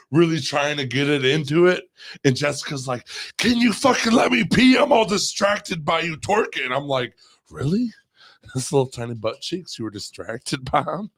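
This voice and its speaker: A man's voice: mid-range voice, no room sound. A man co-hosting a casual chat show, telling rowdy stories and laughing as he goes. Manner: laughs through rowdy storytelling. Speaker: podcast co-host. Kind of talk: casual banter.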